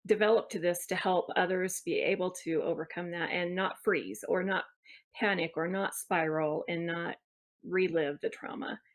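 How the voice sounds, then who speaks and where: A woman who is a guest on a podcast, speaking in an earnest, hesitant way with many ums. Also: lowish voice. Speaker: guest, wellness copywriter and coach. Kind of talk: casual interview chat.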